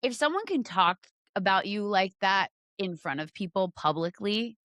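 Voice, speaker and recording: A young woman co-hosting a podcast in casual chat, expressive and emphatic. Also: medium pitch, moderate pace, no echo, studio quality. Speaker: podcast co-host.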